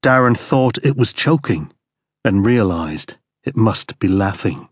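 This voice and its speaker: A man reading a crime thriller audiobook as narrator, in steady, grim storytelling. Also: fairly low pitch, a little slow, slightly rough, dry recording, clean studio sound. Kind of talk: scripted narration.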